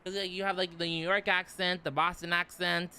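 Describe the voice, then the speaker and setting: A man's voice: high-pitched, flat delivery, brisk, bright, forceful tone, clean tone. A young man streaming casually, rambling and giggling, with lots of "like" fillers. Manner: rambling, giggly, heavy use of "like". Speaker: vtuber streamer.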